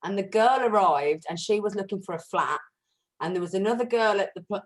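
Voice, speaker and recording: Woman, wellness practitioner, casual chat, lively storyteller, low voice. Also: low-quality recording. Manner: lively storyteller, acts out quotes; self-described shouty.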